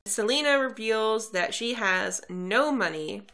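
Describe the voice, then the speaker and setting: A woman's voice: a little high, animated, measured pace, fairly bright tone. A woman co-hosting a podcast, recapping a plot from her notes with a dry, wry humor. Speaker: podcast co-host.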